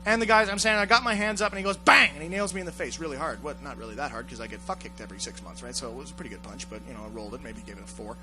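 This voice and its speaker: A man telling a rough story on a casual talk show, swearing a lot and acting out the voices of the people in it. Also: medium pitch, rapid-fire, hardly any pauses, music in the background, rough recording. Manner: profane, animated, acts out voices in his story. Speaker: podcast host telling a story.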